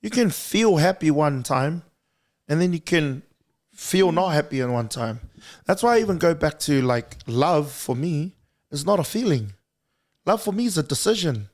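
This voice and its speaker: A New Zealand man with a high-pitched voice talks as a podcast guest. He is blunt and animated, and he swings his pitch wildly whenever he acts out what other people said. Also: normal speed. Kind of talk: casual podcast conversation.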